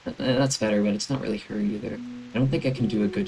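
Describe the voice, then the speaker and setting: A man's voice: fairly low pitch, fairly even intonation, quick pace, a little mellow, soft background music, rough recording. A man streaming a game, chatting casually and enthusiastically with lots of fillers.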